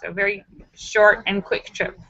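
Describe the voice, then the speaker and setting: Bright, chatty woman hosting a livestream. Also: mid-range voice, fairly even intonation, unhurried, lo-fi sound. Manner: chatty, laughs often, acts out quoted voices. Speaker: live-stream host. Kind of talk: casual live chat telling jokes.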